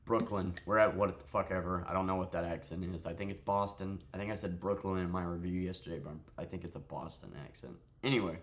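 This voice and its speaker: A man's voice: low voice, steady tone, fast talker, hardly any pauses, fairly bright tone. A tired man who just woke up, giving a rambling, profane spoken review of a TV show and often restarting his sentences.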